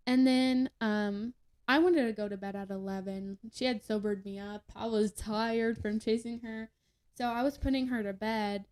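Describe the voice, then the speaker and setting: Young woman, podcast guest, a touch high-pitched, rambling casual storyteller. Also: fairly even intonation, moderate pace, a little mellow, clear, resonant tone. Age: young adult. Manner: chatty, laughing, many fillers and restarts.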